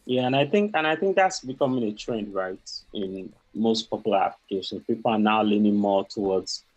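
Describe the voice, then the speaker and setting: Thoughtful low-voiced male panelist. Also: brisk, highs cut off, soft background music. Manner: thoughtful, speculative. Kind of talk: casual chat.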